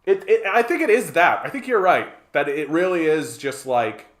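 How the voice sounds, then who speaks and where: A man's voice: a little high, lively intonation, normal speed, reverberant. A man from Canada, giving profane, rambling, sarcastic live-stream commentary as a political streamer.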